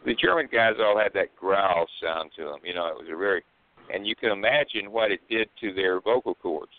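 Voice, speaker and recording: An older man from the American South, co-hosting a casual talk show and telling stories in an unhurried, drawling way. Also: lowish voice. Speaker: co-host. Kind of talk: casual podcast chat. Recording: tinny phone-line audio.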